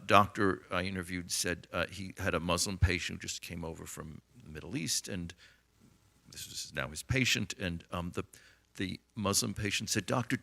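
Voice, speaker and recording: A man's voice: sits low, vocal fry, fairly bright tone. A middle-aged American man, an author and physician, tells anecdotes with many fillers and retold dialogue in a conversational interview.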